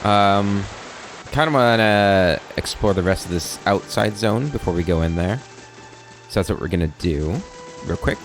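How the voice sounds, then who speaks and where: Let's play host: man with a very low voice, casual thinking-aloud commentary, soft game music behind. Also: moderate pace. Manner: rambling, easygoing, thinks aloud.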